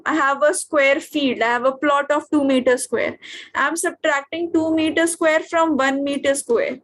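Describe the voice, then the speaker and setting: A woman's voice: sits high, steady tone, measured pace, a bit bright. A woman with an Indian English accent teaching an online physics class, often asking her students questions to check that they follow.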